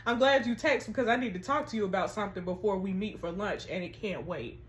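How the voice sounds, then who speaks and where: A woman voicing a young man, a guilty fiancé, in a lower, softer, sheepish tone. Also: quick pace, close to an everyday voice. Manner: sheepish, defensive.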